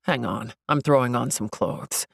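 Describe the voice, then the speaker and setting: Gentle young man with a gruff low voice, as a female narrator puts him on, kind and caring. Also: a little slow, dry recording, clean studio sound, heavily acted. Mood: casual. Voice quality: low and gravelly.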